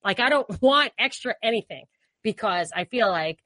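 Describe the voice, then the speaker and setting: A chatty woman co-host with a fairly high voice, who talks in quick restarts and breaks into laughter between points. Her voice is recorded close and dry, with no room sound. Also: lively intonation, bright, forceful tone, no room sound. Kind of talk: casual political chat.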